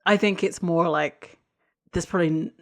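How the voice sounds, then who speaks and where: A young woman co-hosting a podcast, chatting casually, laughing often and agreeing with quick affirmations. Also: on the low side, fairly even intonation, a bit bright. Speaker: podcast co-host. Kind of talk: casual chat.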